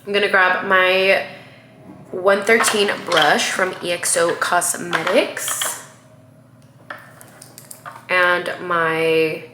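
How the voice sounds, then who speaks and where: A woman's voice: lowish voice, bright, forceful tone. A woman chatting casually to her viewers while doing her makeup, upbeat and talkative. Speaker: beauty vlogger. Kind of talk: casual get-ready-with-me chat. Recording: roomy echo, faint noise.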